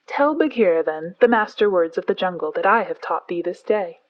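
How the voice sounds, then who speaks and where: A woman's voice: on the low side, lively intonation, normal speed, no echo, muffled recording, natural voice. A woman voicing an earnest, fond old bear who lectures his pupil in a storybook reading. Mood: earnest lecturing.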